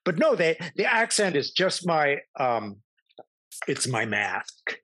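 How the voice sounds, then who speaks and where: A middle-aged man, an actor, telling animated, self-amused anecdotes as an interview guest. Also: fairly high pitch, slow, slightly rough, no echo. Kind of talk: casual interview storytelling.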